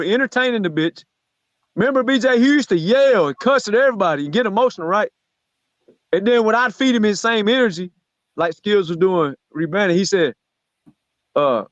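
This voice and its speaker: A high-pitched man hosts a podcast in a heated, profane, mocking rant. His voice is dry and close, with a dull, lo-fi sound. He talks in bursts and repeats himself. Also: dry recording. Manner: loud, profane, mocking, repetitive. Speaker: podcast host. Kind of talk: heated podcast sports talk.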